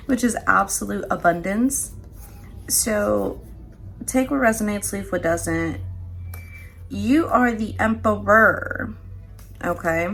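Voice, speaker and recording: Woman, tarot reader, casual pick-a-card reading; raspy fry in the voice, giggly and playful, drops the odd swear. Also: mid-range voice, fairly bright tone. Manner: playful and chatty, laughs often, swears casually.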